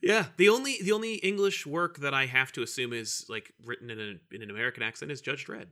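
A man's voice: mid-range voice, fast, sharp tone. A man hosting a podcast interview, chatty and casual, with lots of filler words. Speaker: podcast host.

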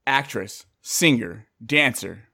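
A man in his thirties hosting a casual podcast, excitable and jokey, swearing casually as he chats with guests. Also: mid-range voice, slow, creaky, breathy edge. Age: 30s. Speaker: podcast host.

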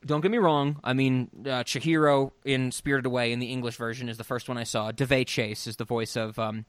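A man's voice: medium pitch, little pitch movement, a little fast, clear, resonant tone, no echo. Guy rambling on a movie podcast, opinionated, lots of ums, dry close mic. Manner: rambling and opinionated, many ums and restarts, swears. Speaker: podcast host. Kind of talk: casual chat about film dubs.

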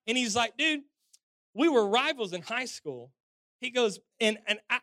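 Lively man telling a sermon story. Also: very high voice, moderate pace, no echo. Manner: animated, swings loud and soft.

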